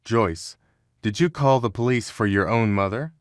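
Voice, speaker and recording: A man voicing a remorseful stepmother who pleads for forgiveness in a read-aloud story, in an even, measured delivery. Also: lowish voice, no room sound, clean studio sound, natural voice. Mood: pleading.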